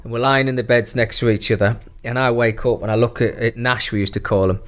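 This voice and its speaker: Middle-aged man, ex-pro footballer guest, rowdy anecdotal storyteller, lots of swearing and laughter, average pitch. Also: steady tone, fast talker. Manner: profane, laughing anecdote-teller. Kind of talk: casual storytelling.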